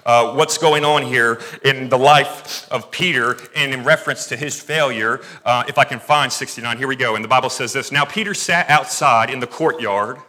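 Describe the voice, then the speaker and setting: A pastor preaching a sermon, reading scripture and breaking off into quick asides and self-corrections. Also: male voice, mid-range voice, pushed and bright.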